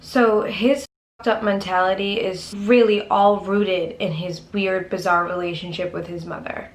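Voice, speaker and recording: A woman's voice: mid-range voice, steady tone, measured pace. A woman telling a true crime story in a casual, conversational way as a video host. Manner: casual, conversational, uses filler words.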